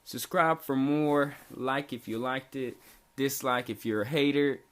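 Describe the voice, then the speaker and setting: A man's voice: mid-range voice, fairly even intonation, a little slow, fairly bright tone. A young man vlogging a casual storytime, rambling and laid-back, with lots of "like" fillers.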